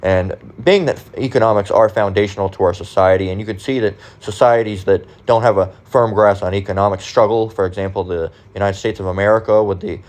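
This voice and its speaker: A man voicing a polished, well-educated young man who explains things in a formal, measured way. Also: fairly low pitch, fairly even intonation, darkish tone, voice pushed down, close to an everyday voice. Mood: lecturing.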